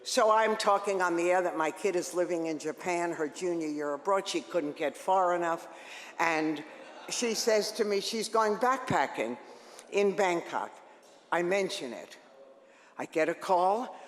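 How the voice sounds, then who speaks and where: An older woman, a radio host, telling lively, joking stories to an audience. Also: lowish voice, a little slow. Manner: lively, joking, animated storytelling. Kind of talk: storytelling talk to an audience. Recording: echoey hall with long reverb.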